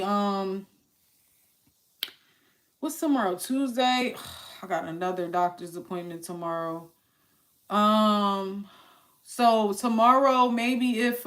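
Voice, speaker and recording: A young woman hosting a casual livestream, ranting to her chat in an exasperated way. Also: mid-range voice. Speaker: livestream host.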